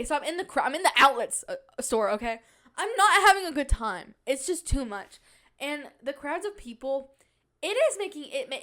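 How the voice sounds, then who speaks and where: High-voiced, rambling young woman podcaster. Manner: rambling, animated storytelling with jokey asides. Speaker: podcast host. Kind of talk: casual solo podcast chat. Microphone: podcast microphone on a stand.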